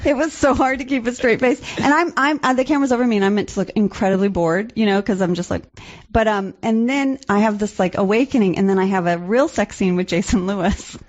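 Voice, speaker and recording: A woman's voice: medium pitch, quick pace, muffled recording. A woman from the Southern United States with a Southern American accent, a guest on a radio show, chatting casually and laughing through her stories. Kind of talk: casual chat.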